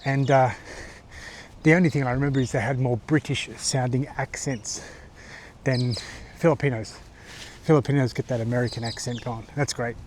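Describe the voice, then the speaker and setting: A man's voice: medium pitch, fairly even intonation, a little mellow, slight background noise. Rambling Australian man in his forties. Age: 40s. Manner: halting, many fillers and restarts. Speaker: vlogger. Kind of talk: casual rambling monologue.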